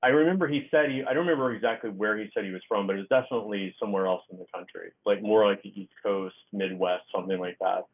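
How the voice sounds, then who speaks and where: Middle-aged man on a tinny line. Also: fairly low pitch. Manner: halting, filler-heavy storytelling. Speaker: guest author. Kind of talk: casual storytelling interview.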